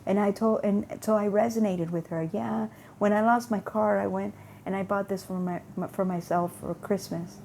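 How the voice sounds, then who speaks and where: A woman with a gravelly, dark voice tells a long everyday story in a casual vlog, acting out what each person said. She rambles and repeats herself as she goes, and there is a faint hiss of background noise. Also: medium pitch, steady tone, moderate pace. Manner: rambling, repeats words, acts out dialogue. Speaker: vlogger. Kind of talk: casual storytelling about faith.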